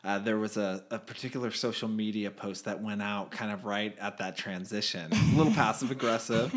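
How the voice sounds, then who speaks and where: A woman co-hosting a podcast in casual chat, low-key and measured, often affirming her partner. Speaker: podcast co-host.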